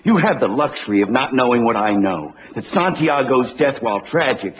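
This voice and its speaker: A man plays a stern older Marine colonel in a film drama, lecturing with force and swinging his pitch widely from line to line. The clip sounds dull and lo-fi. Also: sing-song, normal speed, a little hiss or hum, close to an everyday voice. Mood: defiant.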